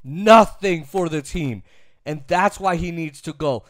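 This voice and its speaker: A man's voice: a little high, unhurried, a bit bright, dry recording, studio quality. A man giving an emphatic, opinionated sports talk rant, repeating his points and laughing easily. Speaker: sports commentator.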